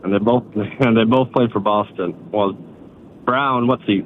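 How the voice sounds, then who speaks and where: A man's voice: fairly low pitch, steady tone, measured pace, slight background noise. A man calling in to a sports radio show, stubborn and casual in his opinions. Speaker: caller. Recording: tinny phone line.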